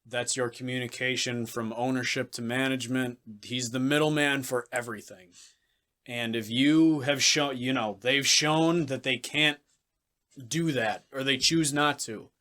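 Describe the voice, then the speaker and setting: A man talking on a casual sports podcast. His voice sits at an average pitch. He is blunt and ranting and swears freely. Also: steady tone, unhurried, bright, forceful tone. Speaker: podcast co-host.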